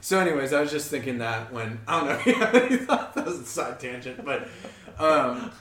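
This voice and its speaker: A man's voice: mid-range voice, lively intonation, fairly quick, fairly bright tone, reverberant, slight background noise. A man co-hosting a podcast, telling rambling stories in casual chat, swearing and acting out other people's voices. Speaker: podcast co-host.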